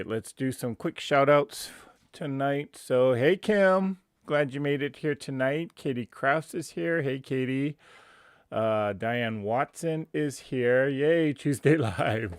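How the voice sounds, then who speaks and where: A man's voice: medium pitch, dry recording, studio quality. A man hosting a casual livestream, chatty and laughing often as he greets viewers by name. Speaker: livestream host.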